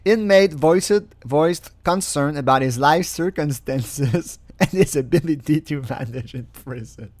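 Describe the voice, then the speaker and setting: A man's voice: a little high, a little slow, hardly any pauses, a little mellow, no room sound. A man who is not a native English speaker, giving casual, sarcastic commentary, often breaking into mocking laughter.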